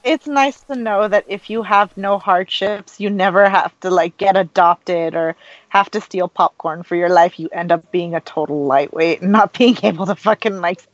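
Animated young woman, slightly dull sound. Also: moderate pace, dry recording. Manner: animated, swears, jumps into excited high outbursts. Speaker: podcast co-host. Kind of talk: casual recap chat.

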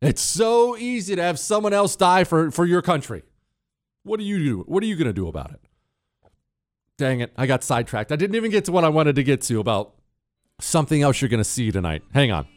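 A man's voice: a little high, very animated, fairly quick, no echo, clean studio sound. A middle-aged man hosting talk radio, ranting in a heated, sarcastic monologue.

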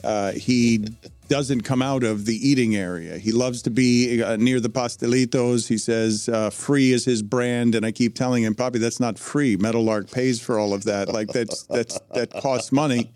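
A man's voice: mid-range voice, fairly even intonation, moderate pace, darkish tone, dry recording, soft background music. A man hosting a podcast, telling rambling stories in casual studio chat with many fillers. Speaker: podcast host.

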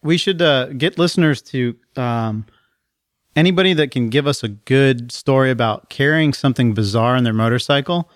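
A man's voice: mid-range voice, normal speed, no room sound, studio quality. A man co-hosting a podcast in easygoing casual banter, sometimes searching for words. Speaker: podcast co-host.

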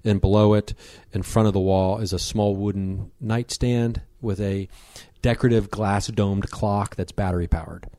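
A man who is a podcast guest, telling a rambling, animated story in casual conversation, with many fillers. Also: fairly low pitch, moderate pace, hardly any pauses, dry recording.

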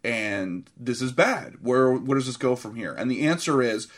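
A man co-hosting a casual film review podcast, talking in a lively, profane, mocking way. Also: medium pitch, normal speed. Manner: animated, profane, mocking impressions. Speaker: podcast co-host.

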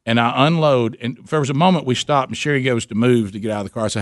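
A man's voice: mid-range voice, quick pace, few pauses, no room sound, studio quality. A middle-aged man, hosting a radio talk show and telling a story, acting out the dialogue with big jumps in voice.

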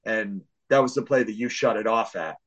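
A man hosting a casual sports podcast, telling an animated story full of swearing. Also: lowish voice, moderate pace, slightly rough, lo-fi sound. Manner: animated storytelling, acts out shouts and voices of family; swears freely. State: hard of hearing. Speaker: podcast host.

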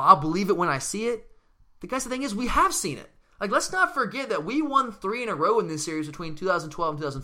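A man's voice: high voice, bright, forceful tone. A young man co-hosting a fan sports podcast, talking earnestly and passionately with frequent stumbling restarts. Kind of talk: fan sports talk commentary.

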